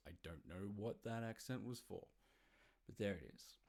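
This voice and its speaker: Rambling Australian man, slightly low voice. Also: normal speed, vocal fry, darkish tone. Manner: rambling, self-deprecating asides. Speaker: podcast host. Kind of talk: casual podcast news chat. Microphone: desk mic with webcam.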